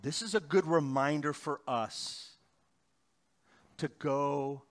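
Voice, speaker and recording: Man, middle-aged, pastor, sermon, raised pitch, loud-to-soft dynamic preaching. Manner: animated preaching, swinging between loud emphatic bursts and quiet, slow, soft passages.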